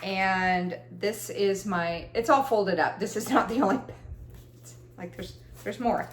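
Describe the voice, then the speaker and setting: A woman's voice: medium pitch, slow, slight background noise. Chatty woman in an echoey room. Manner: rambling, chatty, self-deprecating with laughs. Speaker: cross-stitch vlogger. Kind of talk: casual chat. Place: room at home.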